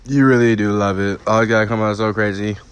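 Young male, low register, rambling half-sung freestyle, repeats hooks over and over. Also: fairly even intonation, fast, clear, resonant tone. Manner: repetitive, chanting, half-sung.

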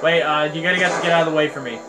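A man giving casual, rambling and excitable commentary on a game he is playing. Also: on the high side, racing. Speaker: let's play host. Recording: voice over game music.

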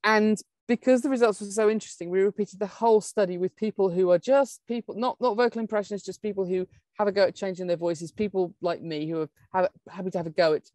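A woman's voice: mid-range voice, steady tone, fast talker, few pauses, a little mellow, dry recording. A woman giving an academic conference talk on neuroscience. She explains with enthusiasm, laughing now and then and restarting her sentences. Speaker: neuroscience lecturer.

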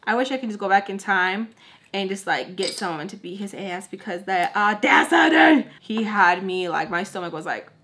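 A woman's voice: fairly quick, slight background noise. A young woman telling a personal story in a casual vlog, acting out what people said with big jumps in her voice. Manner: animated, acts out quotes with big pitch jumps. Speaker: storytime vlogger. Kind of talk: casual storytime while doing makeup.

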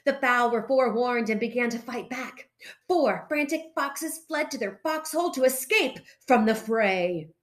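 A woman reading a children's picture book aloud, narrating in an expressive, playful way. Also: on the high side, measured pace. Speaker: storyteller.

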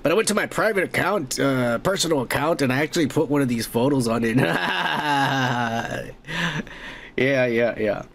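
Gravelly-voiced man in profane casual chat. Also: medium pitch, animated, moderate pace. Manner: profane, joking, toasts viewers loudly. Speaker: podcast host. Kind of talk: casual comment-reading chat.

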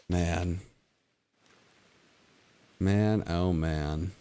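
Young guy streaming a game, slow and kinda low, groans and then yelps, talking to chat. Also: slight background noise. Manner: animated talking to himself, mock-dramatic groans and sudden high yelps; addresses his chat directly. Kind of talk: live gameplay commentary.

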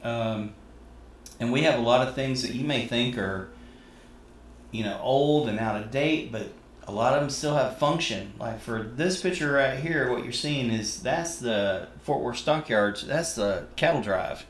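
A man's voice: medium pitch, expressive, measured pace. A man from Texas with a Texan accent, chatting proudly and folksily as he reacts to a travel video. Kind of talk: casual reaction commentary. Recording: roomy echo, faint noise.

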